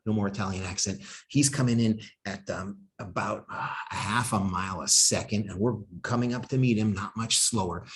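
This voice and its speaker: A man, a rocket scientist, giving a humorous lecture full of wry, self-deprecating asides. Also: fairly low pitch. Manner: energetic storyteller with quick bursts and drawn-out emphasis.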